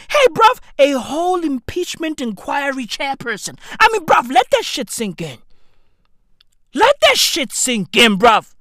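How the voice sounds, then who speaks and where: A high, bright-voiced woman rattles off profane comedic reaction commentary, her pitch swinging wildly as she repeats lines for effect. She talks in an unhurried, drawn-out way. The sound is close and dry. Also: no room sound. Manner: excitable, swearing, repeating phrases for effect.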